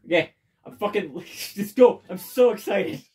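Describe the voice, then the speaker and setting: A let's play host giving excitable game commentary with loud bursts of cheering and frequent swearing. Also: medium pitch, unhurried. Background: faint game music.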